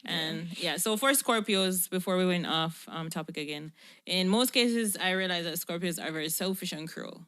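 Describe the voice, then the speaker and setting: A woman's voice: on the low side, moderate pace, fairly bright tone. A young woman hosting a podcast chat, leading the topic with firm opinions. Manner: opinionated, leads the topic, laughs easily. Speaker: podcast host. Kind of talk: casual chat.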